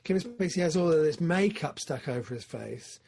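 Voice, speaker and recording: A man, co-hosting a casual film podcast, talking with big bursts of enthusiasm that drop into low asides. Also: fairly quick. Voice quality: husky. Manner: excitable, swings from loud enthusiasm to low mumbling asides. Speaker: podcast co-host.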